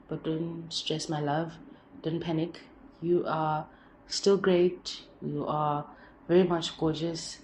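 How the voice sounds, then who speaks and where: A woman voicing a calm, soothing boyfriend. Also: sits low, a little hiss or hum. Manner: soothing, steady, practical. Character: calm, reassuring imagined boyfriend, adult man. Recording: echoey room.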